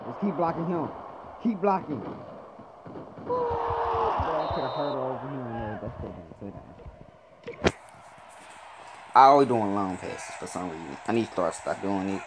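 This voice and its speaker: A young man gives casual play-by-play of a mobile football game, his voice leaping up in excitement and sinking into grumbles. Loud steady noise fills the background of the recording. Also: fairly low pitch, normal speed, long pauses. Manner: excitable, swings from loud outbursts to muttering. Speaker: mobile gaming YouTuber. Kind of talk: casual live gameplay commentary. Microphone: phone.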